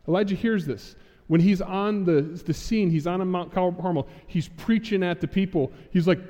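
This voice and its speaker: A man's voice: sits high, normal speed, dark tone, big-room sound, muffled recording. A man preaching a sermon, acting out Bible figures in casual modern speech. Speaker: pastor. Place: church sanctuary.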